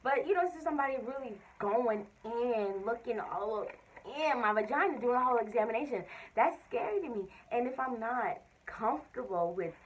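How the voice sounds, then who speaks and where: A young woman tells a story-time vlog. Her voice is fairly high, and she keeps jumping into voices for what people said. She sits a little away from the mic, so the sound is a touch distant. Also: brisk. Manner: animated, expressive storytelling with quoted voices. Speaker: vlogger.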